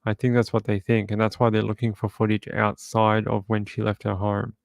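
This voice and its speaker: Gravelly-voiced man chatting on a livestream. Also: lowish voice, monotone, fairly quick, no echo. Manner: chatty, reads viewer comments aloud. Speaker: true crime livestream host. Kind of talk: casual livestream chat. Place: home.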